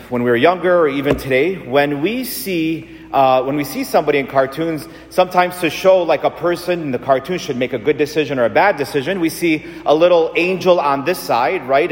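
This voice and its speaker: A man preaching a sermon in a conversational, animated way, asking his listeners questions. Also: fairly high pitch. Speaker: priest. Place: church. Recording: long church reverb.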